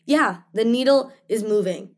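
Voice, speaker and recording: A young actress, speaking at normal speed in a fairly high voice, talks passionately as a guest in an interview. She's emphatic and peppers her speech with "like" and "you know."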